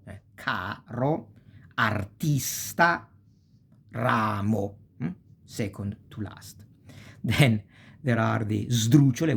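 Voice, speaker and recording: A man teaching a video language lesson. He pronounces example words slowly and often checks in with the listener with short "eh?" or "okay?" tags. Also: fairly low pitch, vocal fry, slightly rough. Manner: says Italian example words slowly and deliberately.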